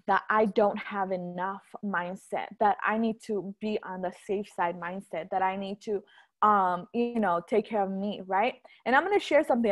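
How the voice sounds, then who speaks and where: Woman church speaker, earnest and candid, animated testimony, higher register. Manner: candid, animated storytelling with rising exclamations. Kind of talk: sermon testimony.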